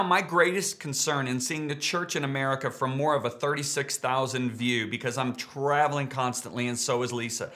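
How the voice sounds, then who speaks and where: A middle-aged pastor preaching a sermon, emphatic and repeating key words for stress. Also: male voice, medium pitch, pushed and bright.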